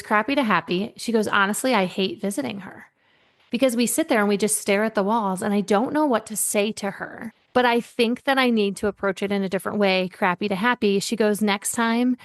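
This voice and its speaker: A woman leadership coach, a guest on an interview podcast, telling workplace anecdotes and acting out the dialogue. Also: medium pitch. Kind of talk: conversational interview.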